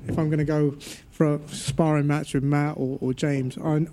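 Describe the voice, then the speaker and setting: A man with a slightly raised, warm and mellow voice, chatting on a podcast. He wanders through his thoughts, filling gaps with likes and ums. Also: on the high side, flat delivery, moderate pace, slight background noise. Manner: rambling, lots of likes and ums. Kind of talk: casual chat.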